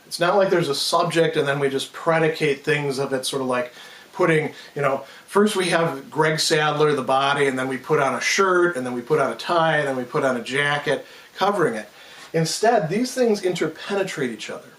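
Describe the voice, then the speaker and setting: A man's voice: on the high side, brisk, fairly bright tone. A man giving an unscripted philosophy lecture. He thinks aloud, restarts often and taps out rhythms with his voice. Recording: roomy echo, mic at a distance.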